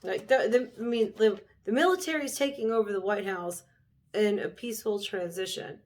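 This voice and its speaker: A woman's voice: medium pitch, moderate pace, a little mellow. A young adult woman vlogging, ranting bluntly and heatedly in a casual, profane way. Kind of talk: casual rant to camera.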